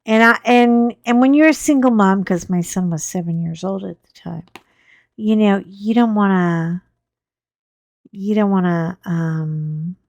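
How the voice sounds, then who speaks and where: A middle-aged woman, hosting a crafting channel and telling rambling, animated stories while she works. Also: medium pitch, unhurried, no room sound. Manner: chatty, rambling, animated storyteller. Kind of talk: casual storytelling while crafting.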